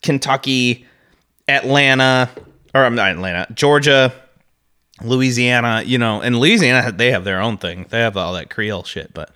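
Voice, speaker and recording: A man's voice: mid-range voice, moderate pace, sharp tone, clear, resonant tone. A man from the Midwest co-hosting a podcast, chatting casually and ranting with heavy profanity and frequent laughter. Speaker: podcast co-host.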